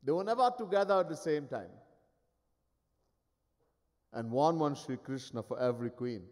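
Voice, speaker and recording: A man's voice: medium pitch, normal speed. A man giving a devotional discourse as a swami, telling a story animatedly and chuckling often. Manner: animated, acts out each figure, chuckles often. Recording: live talk, long hall reverb.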